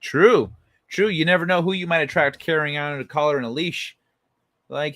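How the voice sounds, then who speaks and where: A young man hosts a late-night livestream, telling loose, profane stories, reading chat aloud, and laughing often as he talks with viewers. His voice sits on the high side with a sharp tone, moving at a moderate pace broken by long pauses. The recording has no room sound.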